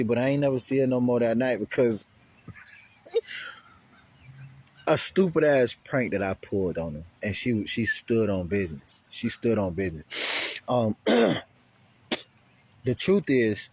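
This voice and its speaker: A man's voice: mid-range voice, animated, takes it slowly, long pauses, a little mellow, slightly rough, no room sound. A man vlogger telling a rambling, profane story in casual speech heavy with slang.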